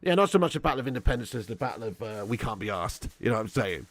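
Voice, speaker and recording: Talking fast with few pauses, a man with a very animated, slightly bright mid-range voice and vocal fry runs a live football watch-along. He reads out super chats from viewers, trading banter, laughing a lot and making cheeky boasts in jest.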